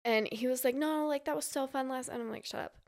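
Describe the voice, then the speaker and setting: Podcast guest: a woman from Utah with a slightly high voice, telling gossip in casual chat and playing out every quoted line. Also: fast talker, a little mellow.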